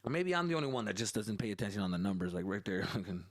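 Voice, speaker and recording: A man's voice: lowish voice, very fast, dry recording, clean studio sound. A young man hosting a podcast, telling stories in casual, profane English with Spanish slang mixed in, acting out the voices of the people in them. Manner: profane, animated, acts out other voices. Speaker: podcast host. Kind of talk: casual storytelling monologue.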